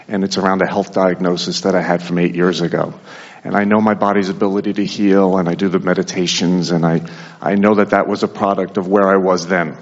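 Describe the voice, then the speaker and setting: Deep-voiced man asking a hesitant question. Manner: earnest, hesitant, restarts phrases. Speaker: audience member asking a question. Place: large hall, at an audience mic. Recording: dull lo-fi sound with hall reverb.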